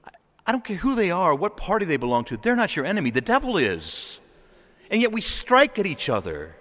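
A man, a Catholic priest, delivering a lively homily in church, acting out quoted voices and chuckling often. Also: sits high, fairly quick, in a large hall.

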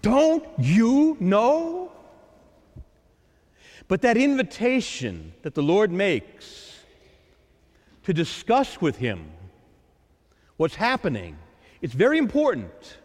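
A man preaching a sermon as a priest, acting out the voices of the Lord and the disciples with lively drama. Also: high voice, takes it slowly, pauses often. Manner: animated, dramatizing the Lord's and disciples' lines. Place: church. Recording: echoey church with long reverb.

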